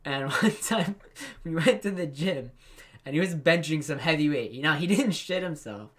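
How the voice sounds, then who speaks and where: A man's voice: on the high side, animated, normal speed, a bit bright. A young man co-hosting a podcast, telling rambling, profane stories and laughing through them in casual chat. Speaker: podcast co-host.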